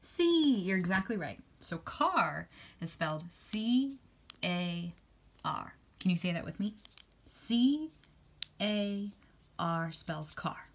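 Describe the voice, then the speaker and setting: A woman teaching young children their letters, spelling words out slowly and praising each answer. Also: medium pitch, big pitch swings. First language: English. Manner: slow, encouraging, spells out letters and sounds.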